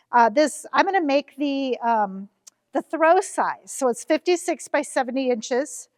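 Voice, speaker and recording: At her quilt shop's cutting table, a woman from Nebraska, US, demonstrates a quilting ruler in a casual how-to. Her high voice is friendly and chatty with frequent fillers, recorded clean as in a studio with no room sound, yet with a long reverb tail.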